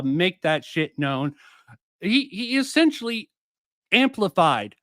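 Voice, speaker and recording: A man hosting a livestream with a somewhat high voice, talking loosely and profanely with lots of "uh"s and restarts. The sound is dry and close, with no room around it. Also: fairly bright tone, no room sound. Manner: rambling, profane, frequent fillers and restarts. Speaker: streamer and commentator. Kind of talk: casual livestream commentary.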